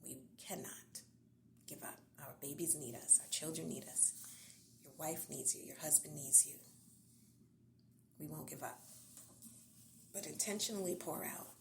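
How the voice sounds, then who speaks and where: A woman podcast host, giving an encouraging devotional talk in a soft, half-whispered, earnest voice. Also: deep voice, a little slow, gravelly, long pauses, background noise.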